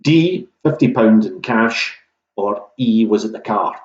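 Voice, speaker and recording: A man's voice: on the low side, expressive, unhurried. A man hosting an online pub quiz in a casual, jokey way, swearing freely as he reads out questions. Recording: roomy, dull lo-fi room sound.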